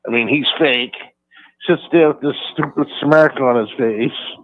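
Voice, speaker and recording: A man's voice: mid-range voice, a little slow, dry recording. Male caller with a Boston accent on the phone. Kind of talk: call-in radio chat. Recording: tinny phone line.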